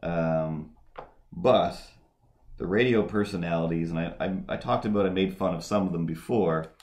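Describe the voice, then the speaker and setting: Low-voiced man rambling casually. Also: moderate pace, darkish tone, a little hiss or hum. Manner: rambling, full of fillers and restarts. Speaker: livestream host. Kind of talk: casual rambling chat while drawing live.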